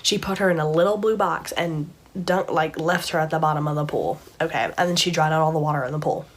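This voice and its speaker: A woman's voice: low-pitched, fast talker. A young woman casually retelling a dream to camera, rambling with lots of fillers and dropping into whispers. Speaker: vlogger. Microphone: camera framed from the chest up.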